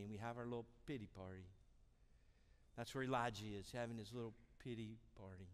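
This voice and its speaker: A man preaching an animated, emphatic sermon as pastor in a church sanctuary. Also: on the low side, brisk, smooth. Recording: long church reverb.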